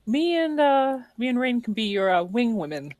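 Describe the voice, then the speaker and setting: A woman's voice: on the high side, big pitch swings, moderate pace, darkish tone, dry recording. A woman running a tabletop game, switching between narration and a teasing in-character voice. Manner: teasing, laughing often. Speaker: game master.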